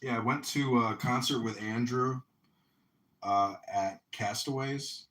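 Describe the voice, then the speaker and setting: A man's voice: mid-range voice, takes it slowly. A young man in casual chat, a candidate animatedly telling stories and acting out other people's lines. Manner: animated storytelling, acts out quoted voices loudly. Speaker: mayoral candidate.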